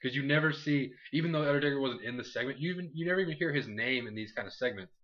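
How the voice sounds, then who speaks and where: Dude rambling about wrestling on a podcast, bright voice, kinda muffled lo-fi sound. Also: male voice, medium pitch, racing. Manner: rambling, acts out quotes in silly voices. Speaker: podcast co-host. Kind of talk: casual wrestling recap chat. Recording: dull lo-fi recording.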